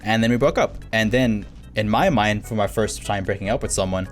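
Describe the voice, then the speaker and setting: A young man casually telling a long personal story on a stream, animated and laughing as he acts out the people in it. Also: fairly low pitch, fairly quick, soft background music.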